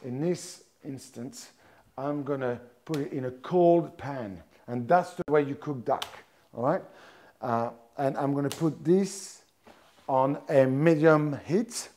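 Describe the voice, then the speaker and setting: A man's voice: medium pitch, a little mellow. A middle-aged man, a chef talking his audience through a live cooking demonstration in a chatty way, often restarting his sentences. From France. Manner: chatty, halting restarts, explains step by step.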